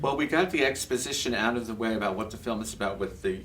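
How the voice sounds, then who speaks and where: A man's voice: lowish voice, fast, fairly bright tone, a little hiss or hum. A male interviewer in casual chat who gushes with effusive praise. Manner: gushing, effusive.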